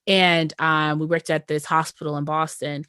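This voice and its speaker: A woman with a fairly low voice chats on a podcast, recorded dry and close with no room sound. She tells her stories animatedly and slips into the voices of the people in them. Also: moderate pace, clean tone, no room sound. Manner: animated storyteller who acts out what others said. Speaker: podcast guest or host. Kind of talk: casual podcast chat. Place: Massachusetts.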